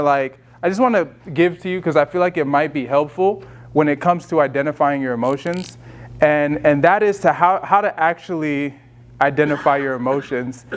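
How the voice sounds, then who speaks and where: A man's voice: a little high, a little hiss or hum. A man leading a self-care session, talking through emotions in a casual, conversational way, full of fillers and restarts. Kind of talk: casual teaching talk.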